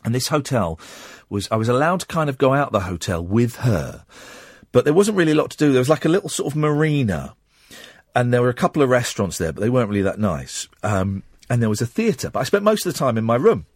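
Husky, lively-voiced radio host telling a story. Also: male voice, mid-range voice, fast, no echo, studio quality. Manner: rambling storytelling with many fillers and restarts. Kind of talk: late-night radio phone-in anecdote.

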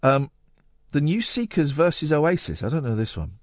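Here a late-night radio host keeps a moderate pace as he chats casually, jokes, and rambles with animated pitch changes. His studio microphone gives a studio-quality sound without echo.

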